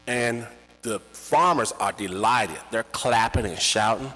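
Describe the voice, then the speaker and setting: A man telling a personal story live, in an animated, theatrical and conversational way, with a slightly husky voice. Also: mid-range voice, slow. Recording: echoey hall with long reverb.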